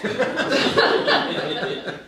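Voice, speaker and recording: A woman's voice: drawn-out words, crowd noise. A woman comedian performing a stand-up set on a comedy club stage, with dry, self-mocking delivery. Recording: echoey room captured from far off.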